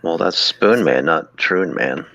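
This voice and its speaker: Gravelly low-voiced man, dull audio. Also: slow pace. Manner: sardonic, deadpan jokes. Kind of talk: casual livestream chat.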